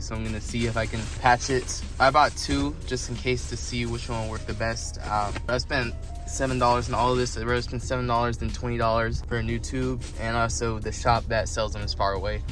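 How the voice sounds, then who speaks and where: Guy rambling thru a diy repair vlog, average pitch, faint music behind. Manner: rambling explanations with many restarts. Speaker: vlogger. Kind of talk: casual how-to vlog.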